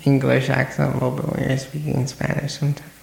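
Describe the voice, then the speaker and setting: Dry-witted male guest, heavily gravelly voice, echoey room. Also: mid-range voice, completely flat delivery, fast talker, a little mellow. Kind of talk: casual chat.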